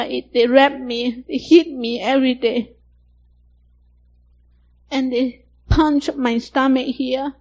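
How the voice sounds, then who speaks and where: A young woman from Thailand, giving personal testimony in halting, simple broken English. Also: sits high, a little mellow, lo-fi sound.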